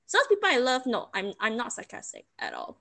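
A woman's voice: on the high side, wildly swooping pitch, fairly quick, creaky, sharp tone. A young woman from Malaysia, chatting casually and telling stories with laughter and sarcastic asides. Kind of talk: casual chat.

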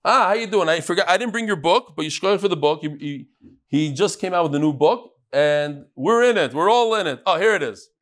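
A man teaching a live Talmud class, lively and chatty, teasing his audience. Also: a little high, brisk.

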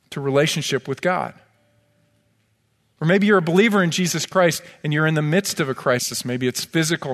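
A male pastor preaches an earnest, pleading sermon woven with scripture. His voice sits a little high for a man with a fairly bright tone, and the church sanctuary gives the sound a long reverb.

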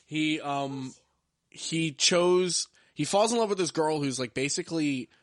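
A podcast host rambles casually about how he ranks movies, his slightly high, unhurried voice full of filler words. The recording is dry, with clean studio sound.

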